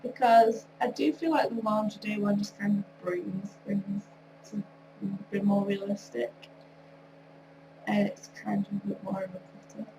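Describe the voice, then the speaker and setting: A woman's voice: mid-range voice, steady tone, a little slow. A woman with a nasal voice from a cold, rambling and chatting with frequent laughs as she talks over her gameplay. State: recovering from a cold, tired. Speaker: video creator. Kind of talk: casual commentary over gameplay. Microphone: wrong mic, far from speaker. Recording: distant mic with clear hum.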